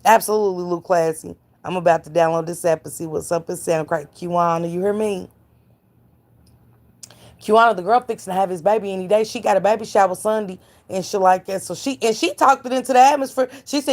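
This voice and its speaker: A woman's voice: lowish voice, a little fast, a little mellow. Blunt woman gossiping to chat. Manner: blunt, profane, preachy, calls out chat viewers by name. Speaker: live stream commentator. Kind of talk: casual gossip commentary to live chat.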